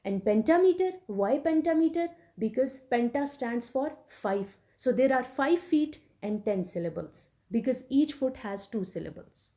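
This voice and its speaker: A woman teacher giving a recorded English literature lecture to her students, explaining slowly and repeating each point with frequent check-ins. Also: on the high side, animated, dark tone. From Pakistan. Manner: slow, repetitive explaining with many check-ins.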